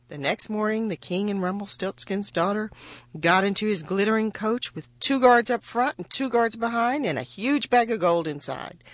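Woman storyteller reading a fairy tale aloud; expressive, lively lilt, dry and close. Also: mid-range voice, no echo.

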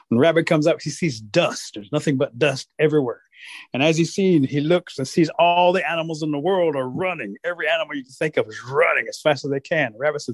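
A man tells folksy stories in casual conversation, throwing in playful animal voices. He speaks at a medium pitch and a quick pace, with a breathy edge, in a dry recording.

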